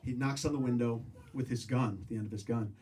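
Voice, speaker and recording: A man telling a story to a live audience in an animated, self-mocking way, acting out the voices in it. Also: medium pitch, fast talker, recorded from a distance. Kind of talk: storytelling talk.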